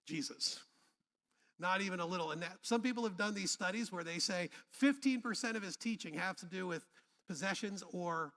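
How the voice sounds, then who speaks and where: A man pastor delivers a sermon in a high, bright voice, conversational and laced with humor. He pulls the congregation into call-and-response. His words ring out with the long reverb of a church hall. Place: church sanctuary.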